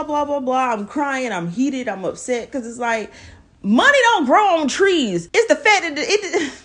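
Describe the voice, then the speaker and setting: A young woman vlogger telling a storytime with exasperated, slangy animation. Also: mid-range voice. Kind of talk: storytime vlog.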